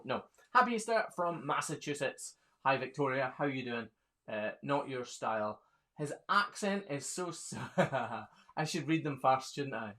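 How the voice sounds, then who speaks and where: A man's voice: medium pitch, a bit bright. Chatty man in his thirties. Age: 30s. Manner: chatty, laughs often, reads comments aloud. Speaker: hoof trimmer hosting a live Q&A. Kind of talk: casual live-stream chat reading viewer questions.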